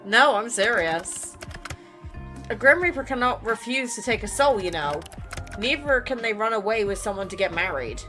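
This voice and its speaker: A woman voicing a guarded, teasing young male grim reaper from a romance game, speaking low and grudgingly. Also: expressive, normal speed, bright, forceful tone, soft background music. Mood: serious.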